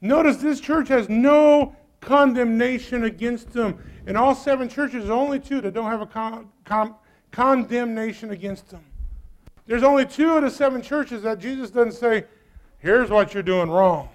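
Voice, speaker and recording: A man's voice: extremely high pitch, normal speed. A male pastor preaching a sermon in a church, calling out to the congregation and using folksy phrasing. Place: church sanctuary.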